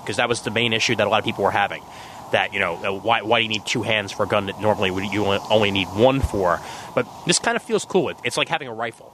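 A man's voice: fairly low pitch, noisy background. A man co-hosting a podcast in casual chat, giving short acknowledgements and throwing in goofy bits. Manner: brief acknowledgements, bursts of goofy quoting. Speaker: podcast co-host.

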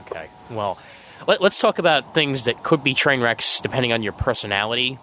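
A man's voice: mid-range voice, lively intonation, fairly quick, sharp tone, a little hiss or hum. A man hosting a podcast, chatting casually, joking and steering the conversation. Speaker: podcast host. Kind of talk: casual chat.

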